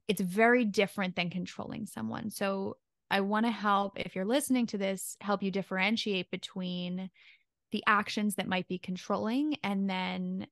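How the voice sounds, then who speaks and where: A woman's voice: mid-range voice, fairly even intonation, normal speed, creaky, no echo, clean studio sound. A woman co-hosting a podcast as a therapist, explaining in a casual way and often checking in with "right?". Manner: explanatory, rhetorical questions with frequent "right?".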